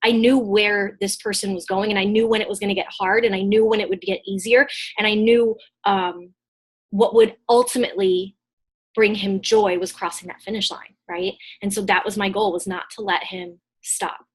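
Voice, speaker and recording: A woman coach and mentor talks to her group over a video call, and her voice has a husky, slightly breathy grain. She tells her story in a loose, chatty way, full of "like" and "um" and quick restarts, at a middling pitch. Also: fairly even intonation. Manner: casual and chatty, many fillers and restarts. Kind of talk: live motivational storytelling talk.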